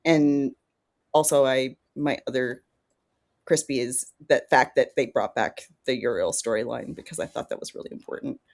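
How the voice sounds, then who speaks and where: A woman with a notably low voice co-hosts a relaxed chat podcast. She lays out her views in a measured, thoughtful way and joins in the banter. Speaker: podcast co-host.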